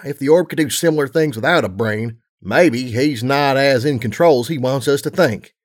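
A man voicing a weary mother mare pony, gruff but loving, in a low tired plain delivery. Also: moderate pace, natural voice.

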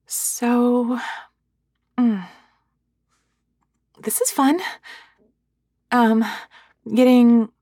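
In an audio role-play, a woman plays a hungover young woman who swears and apologizes to the listener, talking in a sheepish, halting, self-deprecating way. Her voice is fairly high and warm with fairly even intonation, recorded close to a sensitive microphone with no room sound.

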